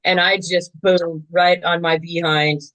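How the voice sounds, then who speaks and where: A woman in her sixties, a veteran softball umpire, telling game stories in a chatty, animated way with lots of fillers. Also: fairly low pitch, unhurried, rough recording. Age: 60s. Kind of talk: casual interview storytelling.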